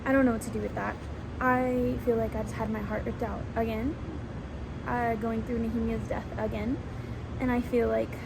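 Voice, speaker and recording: A woman's voice: on the high side, noisy background. A young woman in her twenties vlogging emotional reactions to her reading, gushing and exclamatory, recording on her break at work. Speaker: book vlogger. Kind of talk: casual reading vlog reactions.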